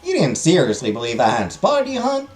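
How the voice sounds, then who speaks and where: A man's voice: a little high, huge pitch swings, a little fast, a little mellow, faint music behind. A man voicing a sassy young French woman with a put-on American Southern accent, teasing and scolding.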